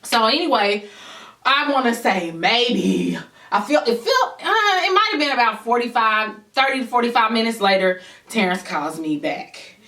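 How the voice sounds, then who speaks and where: A woman vlogger telling a personal story to her viewers in a lively storytime chat, acting out what others said. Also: on the high side, moderate pace, distant mic. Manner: animated storytelling, addresses viewers directly; acts out others' voices in quotes. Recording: echoey room, voice a bit off-mic.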